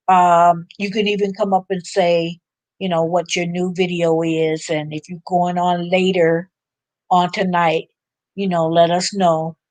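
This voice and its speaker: A woman's voice: lowish voice, darkish tone, no room sound. A woman hosting a casual livestream chat with viewers, chatty and laughing often, sounding a little drained. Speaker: livestream host.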